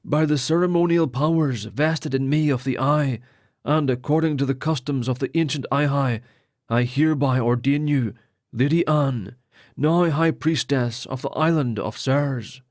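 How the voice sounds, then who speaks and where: A man's voice: medium pitch, measured pace, darkish tone, no echo, clean studio sound, lightly acted. A man voicing a solemn male lord who ordains priests, speaking in grave, formal pronouncements.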